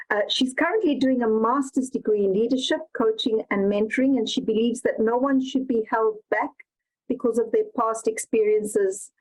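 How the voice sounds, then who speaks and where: A woman with a fairly high voice moderates an online summit. She reads a formal introduction and asks her question in a measured, deliberate way. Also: darkish tone, rough recording. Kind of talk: reading an introduction and asking a question.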